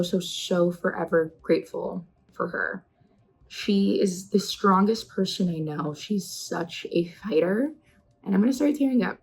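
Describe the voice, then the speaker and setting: A woman in her twenties talking casually to the camera in a personal vlog, chatty and earnest, her questions rising with excitement. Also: on the low side, husky, low-quality recording. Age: 20s. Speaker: vlogger.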